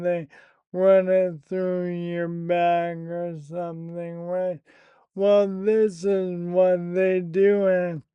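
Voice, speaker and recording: A man telling a personal story in a candid, profane monologue, slow and matter-of-fact. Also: high voice, clean tone, no room sound, muffled recording. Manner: slow, candid and profane, recounting an upsetting event.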